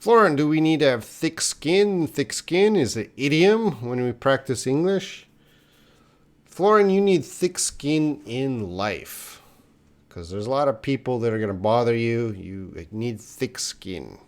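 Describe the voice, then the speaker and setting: A male English teacher on a live stream talks slowly and carefully through viewers' questions. He gives simple example sentences at a mid pitch, patient and unhurried, from a desk mic at home. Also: very animated.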